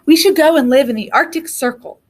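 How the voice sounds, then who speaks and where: A woman's voice: sits high, a little fast, voice pushed up, close to an everyday voice. A woman reading aloud, voicing an absent-minded, fatalistic father in a near-plain voice. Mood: offhand.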